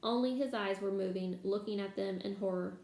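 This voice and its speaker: Woman reading aloud, slightly gravelly voice. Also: medium pitch, brisk, darkish tone. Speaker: reader. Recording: echoey room, faint background noise.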